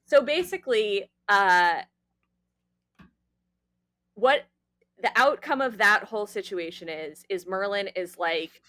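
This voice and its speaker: Bright-voiced woman swearing through a film recap. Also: medium pitch, slow pace, pauses often. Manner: profane, laughing, acts out characters' lines. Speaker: podcast co-host. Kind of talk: casual film recap chat.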